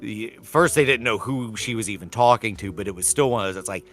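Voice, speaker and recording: A man co-hosting a podcast, telling relaxed stories from work and home, laughing often and swearing casually. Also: lowish voice, fairly quick, soft background music. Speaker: podcast co-host. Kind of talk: casual chat.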